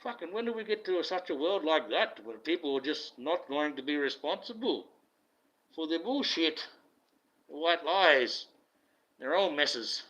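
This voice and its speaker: A self-styled online preacher delivers a blunt, profane, indignant ranting monologue. His voice is fairly high, bright, and forceful, and the recording is dull and lo-fi.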